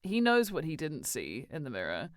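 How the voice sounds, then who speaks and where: A woman's voice: low voice, wildly swooping pitch, moderate pace, no echo, studio quality. A woman co-hosting a podcast, talking casually about a horror film, hesitant and fond of saying like. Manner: hesitant, uses "like" a lot, laughs easily. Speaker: podcast co-host.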